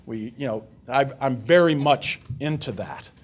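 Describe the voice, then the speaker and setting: An older man giving a talk to a forum audience. He tells stories with life in them, acting out the people in them, and his voice sits at a middling pitch. He goes on to take questions from the room. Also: unhurried. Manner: animated storyteller, voices characters in his anecdote. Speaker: guest speaker at a foreign affairs forum. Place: lecture room before an audience.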